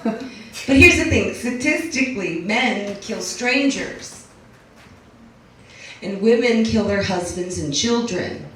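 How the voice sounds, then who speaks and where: A woman's voice: mid-range voice, lively intonation, slow pace, long pauses, background noise. A young adult woman doing a brash, profane, self-mocking stand-up set in a small club. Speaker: stand-up comedian. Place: small club with a live audience. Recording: distant mic in an echoey room with a laughing crowd.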